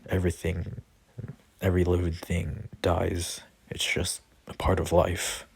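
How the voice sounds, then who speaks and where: A man voicing a lonely ancient male dragon who speaks calmly and matter-of-factly. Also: sits low, a little slow, vocal fry, slightly rough, heavily acted. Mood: solemn. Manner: calm, matter-of-fact.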